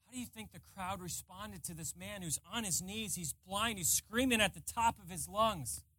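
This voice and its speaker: A male pastor preaching a sermon, retelling a story dramatically and swinging between loud and hushed. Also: high-pitched, normal speed, no echo.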